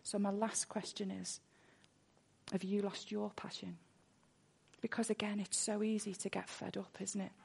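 A woman's voice: medium pitch, little pitch movement, normal speed, vocal fry, darkish tone, breathy edge. A woman preaching a sermon full of personal testimony, earnest, and she repeats words when she gets worked up.

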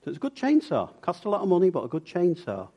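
A man's voice: high voice, fast, husky, lo-fi sound. A man preaching a sermon and telling stories, acting out the voices of the people in them. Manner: lively storyteller acting out quoted voices. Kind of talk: sermon with storytelling.

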